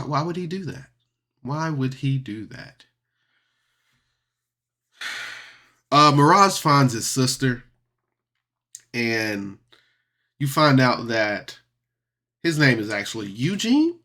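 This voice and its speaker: Male podcast reviewer, unhurried delivery, bright tense tone, loose chatty rambling. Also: medium pitch, expressive. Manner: rambling, chatty, often laughs. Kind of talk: casual solo review.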